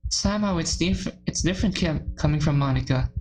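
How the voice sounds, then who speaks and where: A woman reading a shy, self-loathing teenage girl in first person, quiet and shaky. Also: deep voice, a little fast, soft background music, natural voice, poor audio. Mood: despairing.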